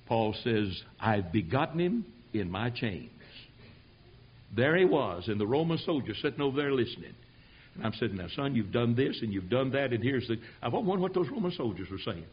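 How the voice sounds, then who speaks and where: An older man, a missionary preacher, delivering a sermon that swings from shouted climaxes to quiet storytelling. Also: medium pitch, lively intonation, brisk, slightly rough. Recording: dull lo-fi sermon recording.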